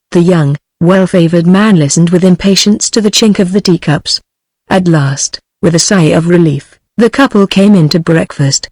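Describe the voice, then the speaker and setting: A synthetic woman's voice with a British accent giving a text-to-speech narration of a story, in an even, flat delivery. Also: on the low side, normal speed, no echo.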